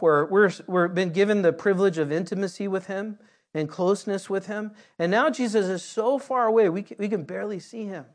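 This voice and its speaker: Man, high voice, sermon, conversational preaching, repeats himself, rises to emphatic peaks. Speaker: pastor.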